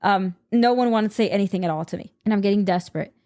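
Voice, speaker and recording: A woman's voice: medium pitch, fast, warm tone. A woman co-hosting a casual podcast, telling a personal story in an emotional, heated way, with many restarts. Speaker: podcast co-host.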